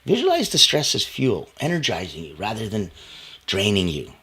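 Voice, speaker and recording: Animated husky motivational speaker man. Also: lowish voice, moderate pace. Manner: animated, emphatic, coaching listeners directly. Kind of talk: motivational talk.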